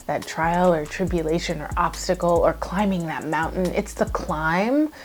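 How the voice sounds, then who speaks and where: Earnest, reflective woman, low voice. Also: moderate pace. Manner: earnest and reflective, with frequent "like" fillers. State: a little emotional. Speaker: YouTuber. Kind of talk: heartfelt vlog monologue.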